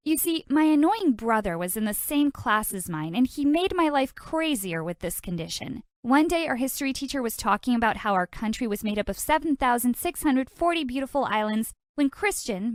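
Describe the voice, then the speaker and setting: A woman's voice: sits high, no echo, studio quality. Sassy, dramatic woman storytelling. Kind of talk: animated storytime narration.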